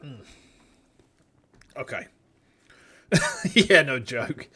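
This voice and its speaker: A streamer chatting casually and excitedly between game lines, joking around. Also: mid-range voice, unhurried, long pauses, slightly rough.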